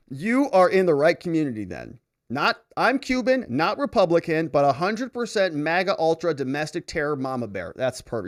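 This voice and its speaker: A male livestream host with a fairly high voice that swings up and down a lot as he talks. He reads viewer comments aloud and riffs on them in an easygoing, chatty way. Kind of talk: casual livestream chat.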